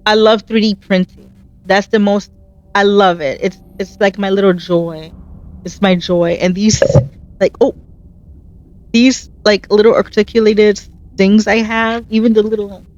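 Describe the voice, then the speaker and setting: A woman's voice: mid-range voice, steady tone, measured pace, darkish tone, muffled recording. A woman hosting her gaming channel, chatting earnestly and encouragingly as she plays, telling stories with animation. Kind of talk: casual gameplay commentary.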